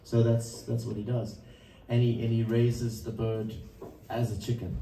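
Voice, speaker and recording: Mellow man telling a story on stage. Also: mid-range voice, flat delivery, unhurried, a little hiss or hum. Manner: loose, rambling storyteller with frequent chuckles. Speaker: musician introducing a song. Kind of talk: live storytelling between songs. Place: live performance room. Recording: roomy live sound from a distance.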